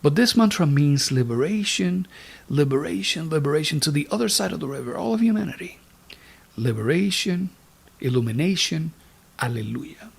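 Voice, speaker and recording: A man giving a spiritual lecture on meditation as an instructor, speaking slowly and deliberately and dropping some words to a whisper. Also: on the high side, animated, gravelly, husky.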